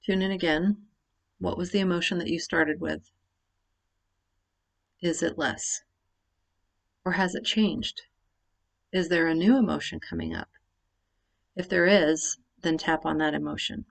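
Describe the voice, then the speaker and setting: A tapping coach leading guided affirmations, speaking slowly and gently in short repeated first-person phrases. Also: mid-range voice, steady tone, gravelly.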